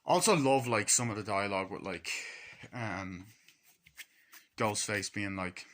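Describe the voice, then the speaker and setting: A man with a fairly low voice talks through a film review in a loose, rambling way. He swears freely and keeps slipping into bits of acted-out dialogue. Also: measured pace, fairly bright tone. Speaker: movie reviewer. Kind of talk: casual rambling movie review.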